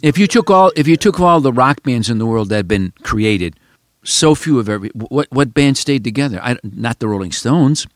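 A man's voice: mid-range voice, lively intonation, normal speed, no echo. A man in his seventies from Chicago, hosting a podcast and talking in a rambling, emphatic way straight to the listeners. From Chicago, United States. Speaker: podcast host. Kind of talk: casual reflective monologue.

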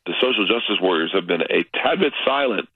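A man in his forties, a comedian guest telling loose stories with big excited jumps in pitch on a radio interview. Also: a little fast, husky, no room sound. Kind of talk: casual radio interview by phone. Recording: muffled lo-fi line.

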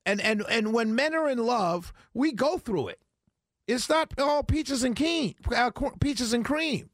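A man's voice: very high-pitched, expressive, unhurried, fairly bright tone, no room sound. A man hosting a talk radio show, talking in an emphatic, rambling way straight to his listeners on a studio mic. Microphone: studio broadcast mic.

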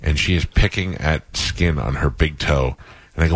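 Radio host, male: very low, dry studio sound, rambling jokey storyteller. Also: fairly quick, fairly bright tone, no room sound. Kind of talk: casual morning-show banter.

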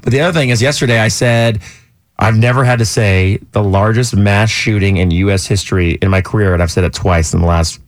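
A man's voice: on the low side, brisk, no echo, studio quality. A young man from California hosting a morning radio show, talking earnestly and stumbling over repeated restarts. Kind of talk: casual radio talk. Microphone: studio microphone.

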